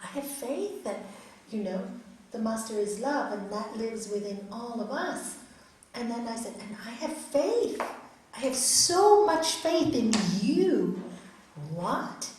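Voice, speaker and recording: A middle-aged woman giving an earnest, expressive spiritual talk as a raja yoga teacher to an audience in a hall. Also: a little high, slow pace. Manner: earnest, expressive, acts out quotes. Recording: echoey hall, distant mic, faint noise.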